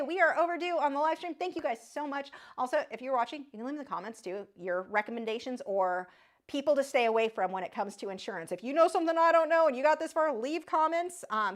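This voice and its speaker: A woman's voice: a little high, fairly bright tone. A woman hosting an art livestream, chatting casually in a rambling, exasperated way that trails off and restarts.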